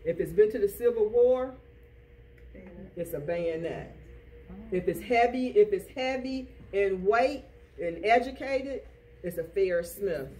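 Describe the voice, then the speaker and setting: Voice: medium pitch, lively intonation, measured pace, darkish tone. An instructor teaching a class, drilling terms through rhythmic repetition and call-and-response questions. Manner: quizzes students with call-and-response. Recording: distant classroom recording, faint noise.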